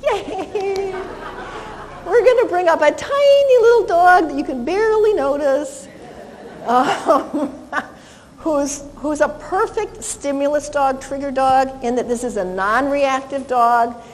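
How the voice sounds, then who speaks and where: A woman's voice: sits high, lively intonation, a little slow, some chatter behind, slight background noise. Cheerful woman dog trainer in a hall. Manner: cheerful, talks to the dog in a sweet voice. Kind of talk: live training seminar demonstration.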